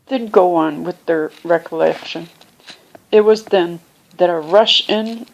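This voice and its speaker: A woman reading a children's classic aloud, unhurried, lifting her voice for the characters and pausing now and then to find her place or explain a word. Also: fairly low pitch, creaky, muffled recording. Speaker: reader. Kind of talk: amateur audiobook reading.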